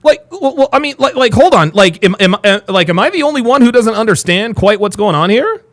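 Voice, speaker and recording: A man's voice: sits high, very animated, brisk. A man hosting a live show, commenting on a video with incredulous, rambling remarks and swearing. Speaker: host reacting to a video.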